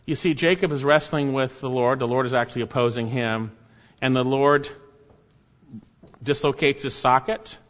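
A man preaching a sermon, asking rhetorical questions and repeating key phrases, his voice swinging from high and loud to low and quiet. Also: fairly even intonation, normal speed. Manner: repeats key phrases, rhetorical questions, rises and drops sharply in pitch and volume. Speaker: pastor. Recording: dull sound in a hall with long echo.

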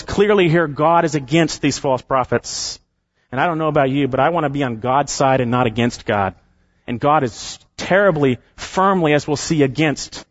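A man preaching an expository sermon, emphatic, slowing down and dropping his voice at the ends of phrases. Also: a little high, fairly bright tone, dry recording, muffled recording. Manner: emphatic preaching with slowed, falling phrase endings. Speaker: pastor.

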